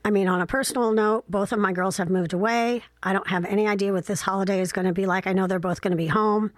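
A woman's voice: mid-range voice, fairly even intonation, fast talker, no echo. Candid middle-aged woman telling stories. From Ohio. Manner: candid, reflective, wry, with frequent fillers. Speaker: mother telling personal stories. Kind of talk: casual personal storytelling.

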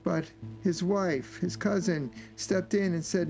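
A man's voice: sits high, steady tone, slow pace, gravelly, darkish tone, poor audio. A man telling a long folk tale aloud, repeating phrases for emphasis as he goes. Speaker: storyteller. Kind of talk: oral storytelling. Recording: instrumental music playing behind.

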